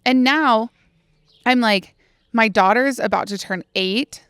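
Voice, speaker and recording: Late-20s woman cohosting a podcast, chatty and animated, lots of "like", dry sound. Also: a little high, takes it slowly, clear, resonant tone, no echo. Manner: chatty, many "like" fillers, acts out others' lines. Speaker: podcast co-host. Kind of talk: casual podcast chat.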